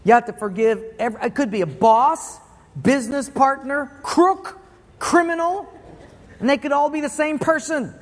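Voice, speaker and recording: A man's voice: extremely high pitch, lively intonation, brisk, hardly any pauses, long reverb tail. A man preaching a sermon, telling stories in a punchy, playful way. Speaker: pastor.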